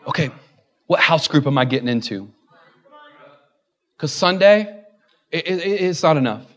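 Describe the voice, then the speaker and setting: A high-voiced male pastor preaches a sermon in a church. He slips in playful, joking asides and then climbs into fervent, repeated refrains. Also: animated, a little slow.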